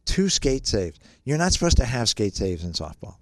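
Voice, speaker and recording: A man's voice: mid-range voice, very animated, moderate pace, no echo, studio quality. A middle-aged man hosting a radio show, chatting casually and joking about himself before explaining retirement accounts, repeating his key points.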